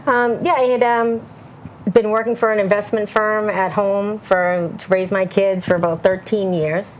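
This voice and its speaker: A woman's voice: mid-range voice, fairly even intonation, moderate pace, slight background noise. A woman talking casually as an interview guest, with lots of fillers and an upbeat tone. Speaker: event managing director, guest.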